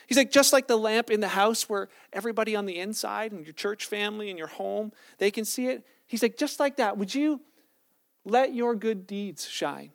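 A man's voice: sits high, moderate pace, creaky, no room sound, studio quality. A man, a pastor with children, giving a sermon in a loose, conversational storytelling way, often restarting his sentences. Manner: conversational storytelling preaching, self-correcting.

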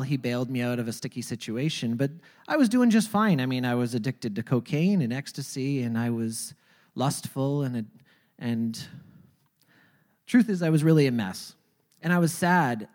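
A speaker telling a personal faith testimony in a halting way, often repeating words before going on. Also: mid-range voice, expressive, a little mellow, long reverb tail. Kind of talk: personal storytelling.

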